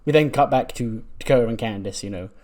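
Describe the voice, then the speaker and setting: A man's voice: medium pitch, quick pace, darkish tone. A man casually retelling a wrestling sim game's storyline, with many fillers. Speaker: game streamer.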